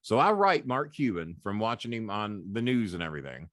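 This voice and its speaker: A middle-aged man, guesting on an interview and telling animated, profane, boastful anecdotes. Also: fairly low pitch, fairly quick, no room sound, clean studio sound. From Louisville, Kentucky. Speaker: guest, former wrestling manager. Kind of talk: casual storytelling interview.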